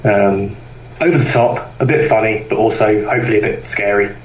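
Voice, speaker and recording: A man's voice: on the low side, brisk. Man, distant and roomy. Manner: rambling, with many fillers and restarts. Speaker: guest comic publisher. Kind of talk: casual podcast chat.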